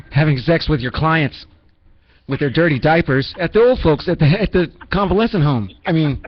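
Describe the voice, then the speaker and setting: A man's voice: fairly high pitch, moderate pace, dry recording. A man hosting a call-in radio show, rambling and teasing his callers with self-mocking jokes. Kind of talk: joking call-in radio banter. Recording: dull lo-fi radio recording with faint music.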